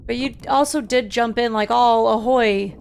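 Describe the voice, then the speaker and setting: A woman's voice: a little high, fairly even intonation, normal speed, gravelly, slight background noise. A woman streaming a video game, casually musing aloud to herself and laughing at her own guesses. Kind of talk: casual gameplay commentary.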